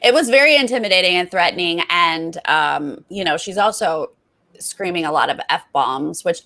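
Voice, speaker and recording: A woman's voice: lively intonation, normal speed, pushed and bright, dry recording. Emphatic woman co-host, dry close sound. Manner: emphatic, acts out quotes with big pitch jumps. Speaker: podcast co-host. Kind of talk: casual recap chat.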